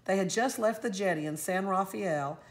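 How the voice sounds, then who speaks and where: A woman teacher reading a storybook aloud with expressive, lively storytelling. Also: mid-range voice, moderate pace.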